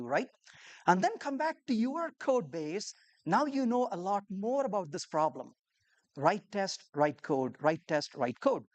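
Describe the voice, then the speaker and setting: A woman giving a live talk to a room of developers, telling stories and asking the audience rhetorical questions. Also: mid-range voice. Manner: animated storyteller who acts out conversations. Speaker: conference speaker.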